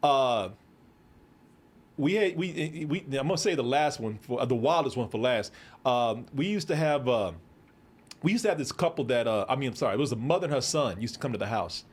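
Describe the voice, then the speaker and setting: This Texan host, middle-aged and from Waco, has a brisk, mid-range voice that's slightly rough. He spins casual stories with lots of energy, imitating the characters' voices and laughing frequently.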